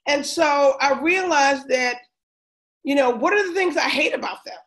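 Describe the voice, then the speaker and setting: A woman's voice: sits high, normal speed, rough recording. A woman, a former teacher and coach, telling a story in a casual interview and acting out what people said. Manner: animated, acts out quoted voices.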